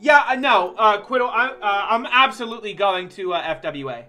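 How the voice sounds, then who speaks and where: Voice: mid-range voice, animated, brisk, pushed and bright, soft background music. A game streamer chatting casually with viewers while playing, joking and swearing freely. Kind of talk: casual gameplay commentary.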